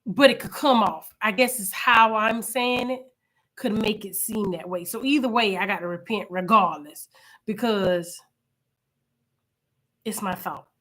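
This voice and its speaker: Loud, chatty, bright-voiced woman vlogger. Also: mid-range voice, moderate pace. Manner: chatty, loud and animated, with frequent laughs and repeated phrases. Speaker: channel host. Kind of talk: casual live-stream chat with viewers.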